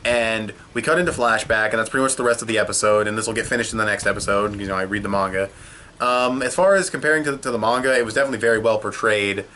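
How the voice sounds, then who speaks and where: Bright-voiced young man rambling a casual review. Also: lowish voice, quick pace, slight background noise. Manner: rambling and profane, with many fillers. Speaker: anime episode reviewer.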